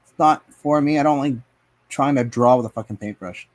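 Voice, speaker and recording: Painting live on stream, a man speaks briskly at a medium pitch. His talk rambles between himself and his chat, casual and full of swearing.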